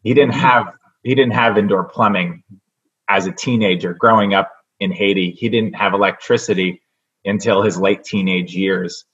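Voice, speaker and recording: Radio interview guest, male, very low voice, earnest and measured, many fillers; dull lo-fi recording. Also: steady tone, a bit bright. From United States. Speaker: state senate candidate guest. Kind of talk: radio talk show interview.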